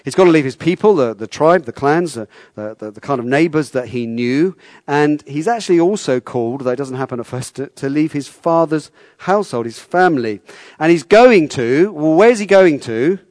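A man's voice: on the high side, animated, moderate pace, a little mellow, dry recording. A man preaching a sermon in a conversational way, often repeating words and asking his listeners questions.

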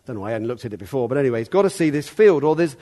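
A man preaching a sermon in a conversational way, now and then calling out loud to act a part. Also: medium pitch, animated, rapid-fire. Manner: conversational, acts out the servant's calls loudly.

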